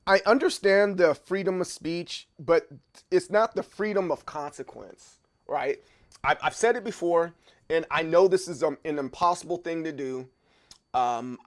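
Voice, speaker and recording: Casual livestream chat from a man in his thirties as he goes through comments from viewers. Pitched fairly high, he often stops and repeats words mid-thought.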